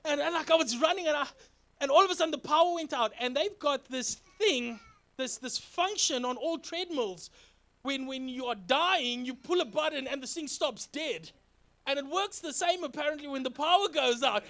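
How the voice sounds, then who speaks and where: High-voiced man preaching earnestly. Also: normal speed. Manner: earnest, conversational preaching with repeated exhortations; animated, joking storytelling with sound effects. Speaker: pastor. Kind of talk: sermon.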